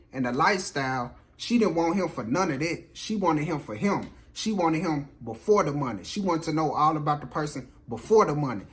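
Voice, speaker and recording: Southern man telling a true story. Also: on the high side. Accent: Southern American. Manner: animated, acts out every voice. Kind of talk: casual storytelling.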